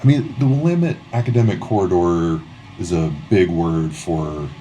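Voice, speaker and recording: Very deep-voiced man narrating as game master. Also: moderate pace, dark tone, a little hiss or hum. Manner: rambling with many restarts and fillers.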